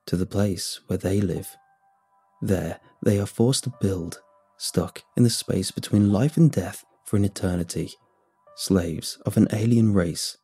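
A cold, composed agent of some secret agency, put on by a male narrator, speaking in low, husky, dark tones. His threats come out even and measured, never raised. Faint music plays underneath. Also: full character voice. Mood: cold, calm. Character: calm menacing male secret government agent.

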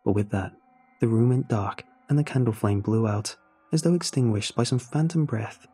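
Mellow husky male horror narrator. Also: mid-range voice, moderate pace.

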